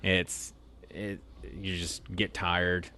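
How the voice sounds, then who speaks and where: A man's voice: low-pitched, little pitch movement, extremely slow, sharp tone. A young man from Oklahoma, an officer candidate, casually telling a rambling story full of "like" and restarts. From Oklahoma, USA. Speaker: interview guest, officer candidate.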